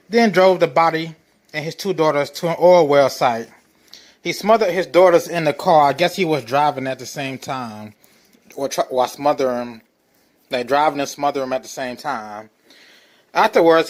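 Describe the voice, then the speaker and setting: Male host, fairly high voice, sarcastic mock-disbelief, reads articles aloud. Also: fairly bright tone. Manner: sarcastic, mock-incredulous, repeats phrases. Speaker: show host. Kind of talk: reaction commentary reading articles aloud.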